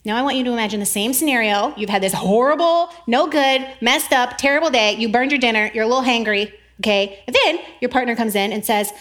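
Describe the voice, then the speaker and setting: A woman in her thirties giving a sermon-style talk, animated and laughing often, jittery from caffeine. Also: fairly high pitch, quick pace, hardly any pauses. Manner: animated, laughs often, acts out quoted voices; jittery, says she is over-caffeinated. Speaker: speaker giving a faith talk.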